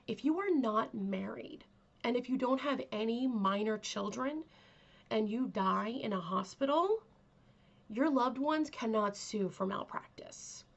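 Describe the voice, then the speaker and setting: A woman with a stuffy nose hosting her own channel, chatting casually to camera in a soft, rambling way full of fillers. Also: mid-range voice, gravelly, highs cut off. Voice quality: aims to sound calming and kind. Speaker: vlog host.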